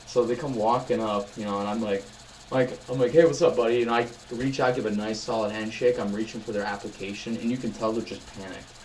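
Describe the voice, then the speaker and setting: A man's voice: on the low side, fairly even intonation, a little fast, darkish tone, slight background noise, low-quality recording. A young man vlogging in a casual chat, telling rambling, upbeat stories full of fillers.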